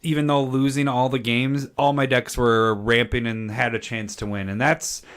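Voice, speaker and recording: A man with an ordinary mid-range voice chats casually with his co-host, laughing easily and needling him with questions. His delivery is relaxed and conversational. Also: medium pitch, moderate pace. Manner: laughs often, teases and prompts his co-host. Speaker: podcast co-host. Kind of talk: casual chat.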